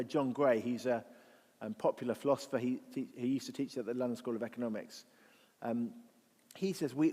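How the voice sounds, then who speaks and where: A man's voice: medium pitch, warm tone. A man speaking as guest speaker at a church event, giving a conversational, reflective talk with restarts and rhetorical questions. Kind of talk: apologetics talk to an audience. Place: church hall. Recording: long reverb of a large hall.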